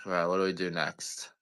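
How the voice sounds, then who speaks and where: A man's voice: deep voice, bright, forceful tone, clear, resonant tone. A man chatting casually while selling coffee on a live stream, rambling, joking and swearing now and then. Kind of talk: casual live-sale chat.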